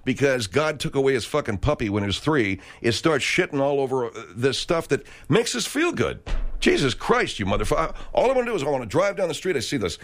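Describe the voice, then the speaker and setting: A man's voice: mid-range voice, sing-song, brisk, fairly bright tone. An American man ranting as a talk show host, swearing heavily, rambling and emphatic. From United States. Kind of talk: profane comedic rant.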